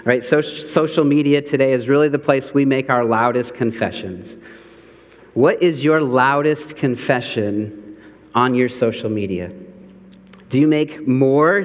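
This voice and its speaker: Man preaching in a reverberant hall. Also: medium pitch. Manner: measured preaching with repeated phrases. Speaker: pastor. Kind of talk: sermon.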